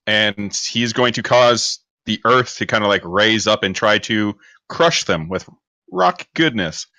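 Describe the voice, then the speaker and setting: A man plays a tabletop game, explaining his moves in an easygoing way with a chuckle here and there. His voice sits a little low but sounds bright. The recording is dry and close. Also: expressive, measured pace, dry recording. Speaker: player.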